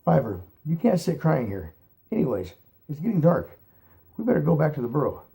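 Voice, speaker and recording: A man's voice: a little high, big pitch swings, fairly quick, creaky, mellow, pitched above the performer's own voice. A man voicing a firm, protective rabbit. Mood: urgent. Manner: firm, reassuring, urgent. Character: steady young male rabbit, protective friend.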